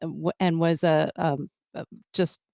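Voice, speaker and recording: Hesitant woman, low voice, dry sound. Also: steady tone, slow pace, gravelly, a little mellow, no room sound. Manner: hesitant, many ums, laughing easily. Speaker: podcast co-host, guest. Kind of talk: casual podcast chat.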